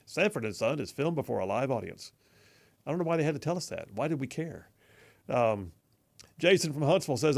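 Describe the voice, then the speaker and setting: Gravelly radio host. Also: male voice, mid-range voice. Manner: chuckling, chatty, repeats words as he goes. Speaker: radio talk show host. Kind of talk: casual talk radio chat, reading listener texts. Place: radio studio.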